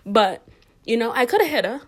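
A young woman telling a story in a casual, animated way, with lots of fillers and frequent laughter, sometimes dropping almost to a whisper. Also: a little high, a little fast.

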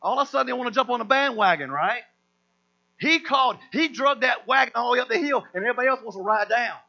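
A high-pitched man with a bright, forceful voice preaches with energy, slipping into slang and acting out scripture scenes. The sound is dull and lo-fi, with a steady mains hum underneath. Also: fast, gravelly. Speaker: pastor. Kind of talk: sermon.

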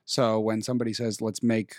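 A young man talks in a relaxed, rambling way, pausing now and then to dig up a name he can't quite recall. His voice sits on the low side. The studio sound is dry and close. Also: no room sound. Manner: rambling, trails off to search for names. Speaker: podcast host. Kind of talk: casual chat. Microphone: studio microphone.

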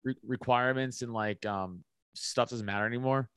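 A man's voice: medium pitch, fairly even intonation, normal speed, fairly bright tone, clean tone, dry recording. A man, a stand-up comedian, chatting as a podcast guest, blunt and opinionated, often restarting his sentences. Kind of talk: casual podcast chat.

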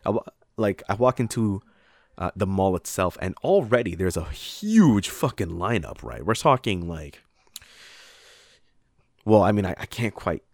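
A man's voice: lowish voice, expressive, measured pace, gravelly, a little mellow, no room sound, clean studio sound. A young man tells a rambling, profane story about his retail job, full of fillers and put-on voices. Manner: rambling, heavy on fillers and swearing, acts out voices. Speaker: retail worker telling a story.

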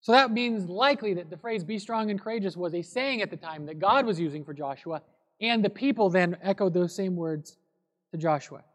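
A man with a high voice preaches a sermon, retelling a story in an easygoing, conversational manner. His voice carries a long reverb from a large church hall. He talks like a pastor chatting with his congregation rather than orating. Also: lively intonation, normal speed.

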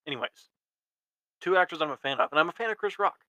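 A man's voice: on the high side, expressive, fast talker, bright, forceful tone, no echo, poor audio. A man in his mid-twenties hosting a podcast, giving casual commentary in a rambling way with many restarts and filler words. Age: 20s. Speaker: podcast host.

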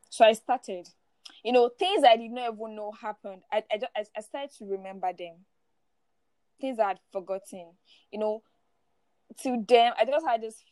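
A woman's voice: mid-range voice, darkish tone, no room sound. A woman in her forties sharing her personal testimony as a guest, often laughing through it and repeating words as she goes. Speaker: guest speaker.

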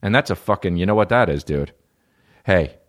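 A young man with a very deep voice hosts a podcast in casual chat, riffing and swearing. His pitch swings all over as he jumps into silly voices. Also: lively intonation, fast talker. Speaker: podcast host.

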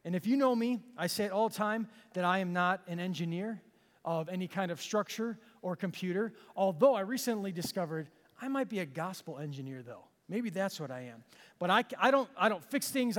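A man with a high-pitched voice preaches to his congregation, repeating key phrases for emphasis and pausing for effect. He mixes in self-deprecating asides between scripture readings. His voice carries a long reverb from the church hall. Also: animated. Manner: self-deprecating, with dramatic pauses and emphatic repetition. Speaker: pastor. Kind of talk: sermon.

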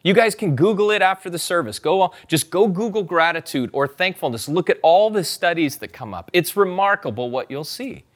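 A man giving a sermon as pastor, with a voice pitched a little high for a man. He preaches in a relaxed, conversational way, often asking his congregation to say the verse out loud with him. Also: normal speed, few pauses. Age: adult parent. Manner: conversational preaching, urging the congregation to repeat scripture.

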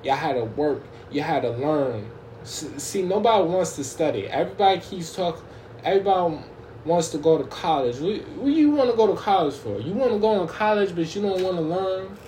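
A man's voice: high voice, lively intonation, a little fast, dark tone, echoey room, slight background noise. A man preaching an informal online sermon, fervent and direct, often repeating and restarting his words.

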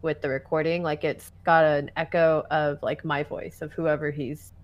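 A woman's voice: sits low, level tone, normal speed, muffled recording. A woman chatting casually on a voice call, wry and laid-back, swearing easily. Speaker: guest, joking co-host. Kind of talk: casual chat. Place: home, on a voice call.

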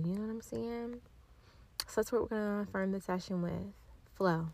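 A woman in her twenties hosting a casual solo podcast, rambling along in a laid-back, giggly way while high, recorded on a built-in device mic instead of her proper one. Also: moderate pace, vocal fry, darkish tone. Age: 20s. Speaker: podcast host.

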